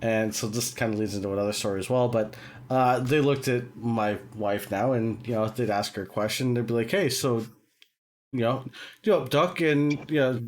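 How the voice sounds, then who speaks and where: A man's voice: mid-range voice, a little fast, darkish tone. A man with a British accent hosting a casual online chat and telling long rambling stories full of fillers and swearing. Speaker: host.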